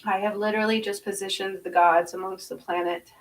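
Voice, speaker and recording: A woman speaks briskly in a mid-range, fairly even voice, captured far from the mic on a low-quality recording. Her eyes closed, she delivers an intense, repetitive spirit-channeling monologue, chanting strange syllable strings and checking whether listeners understand.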